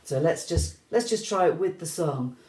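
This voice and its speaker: A woman teaching an online rhythm lesson, gentle and encouraging, singing out the beats as she counts them. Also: sits low, animated, moderate pace. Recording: echoey room.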